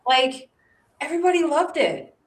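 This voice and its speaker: A woman's voice: high-pitched, lively intonation, moderate pace, roomy sound, far from the mic, a loud crowd. A woman in her forties co-hosting a casual film-review podcast, chatty and enthusiastic. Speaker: podcast co-host.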